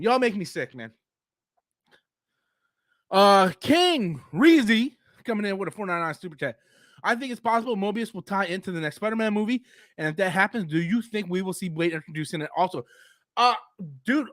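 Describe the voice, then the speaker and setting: A man's voice: high voice, bright, forceful tone, no echo. Profane heated male streamer, dry sound. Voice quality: coughs often. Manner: heated, profane, mouth-breathing. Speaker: live stream host. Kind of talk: casual live stream rant.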